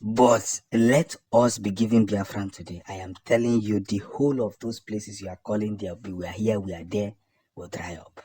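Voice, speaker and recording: A man with a Nigerian accent giving impassioned political commentary, emphatic and repetitive, building up to loud declarations. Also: fairly low pitch, fairly even intonation, normal speed, husky.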